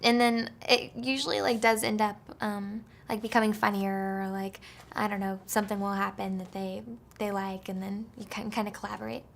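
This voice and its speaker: Woman with vocal fry, chatty. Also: medium pitch, level tone, normal speed, a little hiss or hum. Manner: chatty, full of fillers like "like" and "um". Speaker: actress interviewed about voice work. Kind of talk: casual interview chat.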